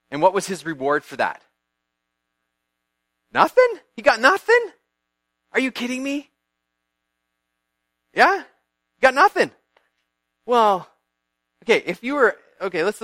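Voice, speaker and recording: A man giving a church youth group talk, retelling a Bible story in a lively way, acting out characters and quizzing his listeners. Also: on the high side, no room sound.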